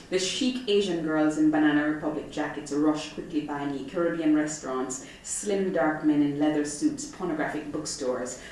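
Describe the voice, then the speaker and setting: A middle-aged woman reading from her memoir to a live audience, expressive and profane with comic timing. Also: sits low. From Jamaica. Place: arts center event hall, audience present. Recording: echoey hall from far off, faint noise.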